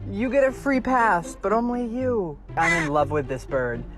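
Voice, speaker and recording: A woman's voice: mid-range voice, expressive, normal speed, music in the background. A woman in a played video clip talking fondly in baby talk to a wild crow. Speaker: bird befriender in a video clip.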